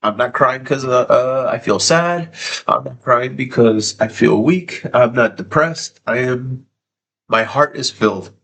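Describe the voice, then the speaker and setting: A man's voice: mid-range voice, unhurried, vocal fry, a bit bright, a little hiss or hum. A man live streaming from home, tearful and sniffly, talking emotionally and repeating himself, with frequent swearing. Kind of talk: casual live stream chat.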